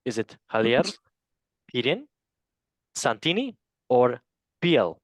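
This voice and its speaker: A playful man runs a casual quiz among friends, joking as he fumbles foreign names. His voice bounces up and down in pitch. The sound is dry and close to the mic. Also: very animated, slow, dry recording. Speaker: quiz master. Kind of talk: casual podcast quiz hosting.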